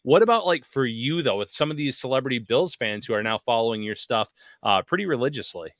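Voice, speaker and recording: A man's voice: mid-range voice, expressive, fairly quick, fairly bright tone, no room sound, clean studio sound. A man co-hosting a podcast, asking upbeat, chatty questions. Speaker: podcast co-host. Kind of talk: casual interview chat.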